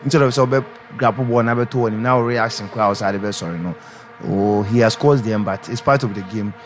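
A man's voice: lowish voice, normal speed, slight background noise. Man analysing a football match. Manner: talks in pidgin English, explains plays. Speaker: football pundit.

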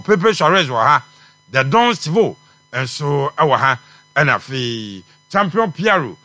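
A man with a Ghanaian accent hosting a radio sports call-in show, reading out announcements in a brisk announcer manner. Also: medium pitch, pushed and bright, no echo.

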